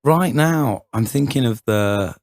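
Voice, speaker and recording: A man's voice: medium pitch, animated, slow, creaky. A young man telling a rambling story on a casual podcast, full of fillers, restarts and laughter. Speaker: podcast co-host.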